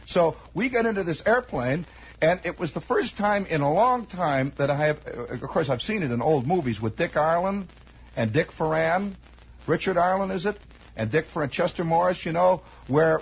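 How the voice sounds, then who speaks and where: Man in his forties, radio storyteller, husky voice, fairly high pitch, wry rambling asides, muffled old broadcast sound. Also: expressive, moderate pace. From United States. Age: 40s. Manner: meandering, wry, with many asides. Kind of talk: rambling improvised radio monologue. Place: radio studio. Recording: dull lo-fi 1960s radio recording.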